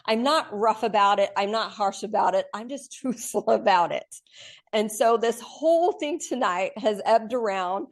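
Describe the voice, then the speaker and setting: Earnest, direct woman podcast coach. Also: mid-range voice. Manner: earnest, direct, easy laughter. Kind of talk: casual podcast chat.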